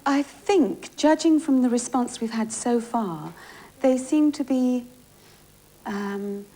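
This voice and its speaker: A woman's voice: on the high side, slow pace, dark tone, faint music behind. Chatty East End woman on a chat show. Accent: London East End. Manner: chatty, laughs often, switches between accents. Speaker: guest.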